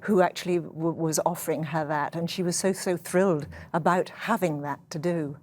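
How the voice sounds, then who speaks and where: A woman's voice: deep voice, steady tone, normal speed, darkish tone. A woman in her sixties, an actress speaking as a studio guest, chatty and full of anecdotes. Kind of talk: studio interview. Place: TV news studio.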